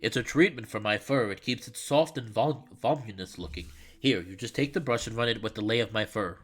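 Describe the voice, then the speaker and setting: Gentle wolf-like alien male, read by a man, soft-spoken, mild, visual novel reading. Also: lowish voice, brisk, pitched below the performer's own voice, close to an everyday voice.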